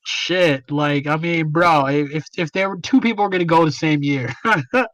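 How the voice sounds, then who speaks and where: A man's voice: on the high side, moderate pace, a bit bright, no echo, poor audio. A man hosting a podcast in casual, slangy chat, swearing freely. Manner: laid-back, slangy, swears a lot. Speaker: podcast host.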